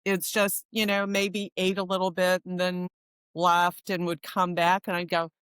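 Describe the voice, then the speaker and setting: A woman answering interview questions as a guest expert on dog feeding, in a measured, explanatory way. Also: fairly low pitch, flat delivery, a bit bright, clean tone, dry recording, studio quality.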